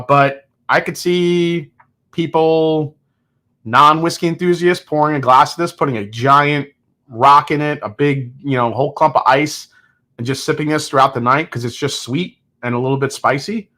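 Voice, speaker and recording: A man's voice: medium pitch, fairly even intonation, moderate pace, sharp tone. A man hosting a live whiskey-tasting stream, chatting casually and joking as he answers viewer comments. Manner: candid, joking, with frequent restarts and laughs.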